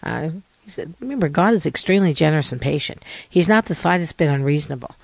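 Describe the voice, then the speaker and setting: A man giving a sermon-style scripture lesson in a measured, earnest way, asking rhetorical questions. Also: fairly high pitch, animated, vocal fry, no echo. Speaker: religious teacher.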